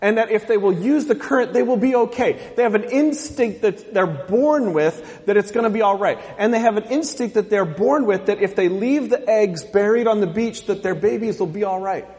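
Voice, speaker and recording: A man's voice: sits high, normal speed, few pauses, a little mellow, long reverb tail. A man from the US West Coast preaching a sermon as pastor, joking and asking the congregation questions. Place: church sanctuary.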